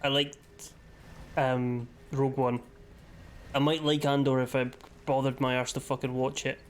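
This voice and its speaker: A man's voice: mid-range voice, flat delivery, moderate pace. A man streaming a game live and chatting casually, with rambling, sweary asides.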